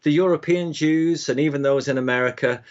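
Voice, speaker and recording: A man's voice: fairly high pitch, a little fast, a little mellow. A man teaching Bible prophecy history in a casual, conversational way, rambling with frequent restarts and fillers. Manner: rambling, many restarts and "you know" fillers. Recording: slightly dull lo-fi audio.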